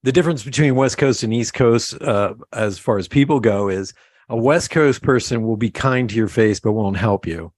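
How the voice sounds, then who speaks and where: A middle-aged man hosts a casual interview, telling stories with energy and slipping into the voices of the people he describes. His voice sits at a medium pitch. The sound is dry and close to the mic. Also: moderate pace, no room sound. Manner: animated storyteller, acts out quoted voices. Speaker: podcast host.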